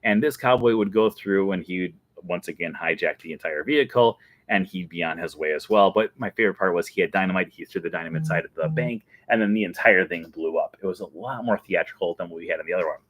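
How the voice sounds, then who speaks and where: A man's voice: low voice, fast, hardly any pauses, a bit bright. A man hosting a casual fan show, talking enthusiastically and laughing often. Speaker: host. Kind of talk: casual chat.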